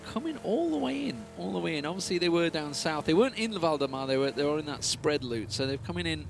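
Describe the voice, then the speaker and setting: A man calls an esports match live, his voice sitting a little high. He jumps up sharply when the action turns, stumbling over restarts. A faint hiss runs under the recording. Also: quick pace, vocal fry. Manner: excitable, rises sharply in big moments, stammers on restarts. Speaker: esports caster. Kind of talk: live play-by-play commentary.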